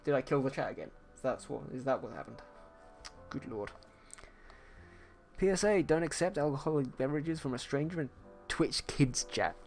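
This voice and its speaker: This livestreaming artist has a creaky, mid-range voice and speaks with animation at a moderate pace. He paints while casually chatting with viewers, playfully reading the chat aloud, and faint music plays behind him.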